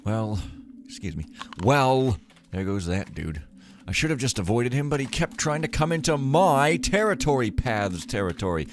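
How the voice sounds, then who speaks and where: A man talking to himself as he plays a stealth game, joking and rambling in loose gameplay commentary. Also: medium pitch. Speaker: let's play host. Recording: clear background noise.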